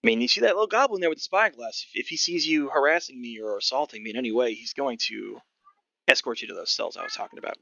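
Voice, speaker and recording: A man's voice: mid-range voice, lively intonation, quick pace, gravelly, pushed and bright, no echo, highs cut off. A man voicing an evasive carnival ticket scalper who denies everything and brushes people off. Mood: dismissive. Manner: denying, dismissive.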